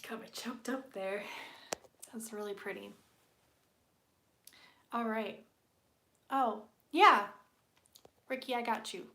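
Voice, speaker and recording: Giggly high-voiced woman with a stuffy nose. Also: slow pace, pauses often, pushed and bright, echoey room. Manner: playful and giggly, hums silly tunes. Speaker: tarot card reader. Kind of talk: casual live-stream chat.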